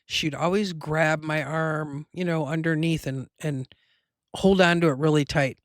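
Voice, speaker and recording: A woman's voice: sits low, fairly even intonation, a little slow, dry recording, studio quality. A woman hosting her own show, telling a personal story in a rambling, emotional way with many fillers. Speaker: host.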